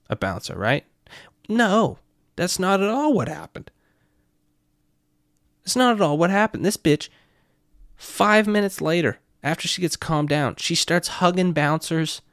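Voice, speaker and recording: A young man telling a night-out story in a profane, excitable way, constantly checking in with his listener. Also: medium pitch, no room sound, studio quality. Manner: profane, excitable, keeps asking "right?". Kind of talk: casual anecdote.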